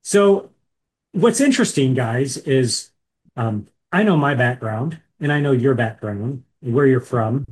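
A man's voice: medium pitch, animated, takes it slowly. A man, co-hosting a casual podcast chat with joking asides and restarts. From Indiana. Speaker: podcast co-host.

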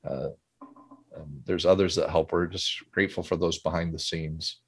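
A man's voice: low voice, steady tone, normal speed, breathy edge, no echo. A middle-aged man hosting a casual podcast chat, genial and chatty as he reads listener emails. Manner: chatty, genial, often chuckling. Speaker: podcast host, seminary professor.

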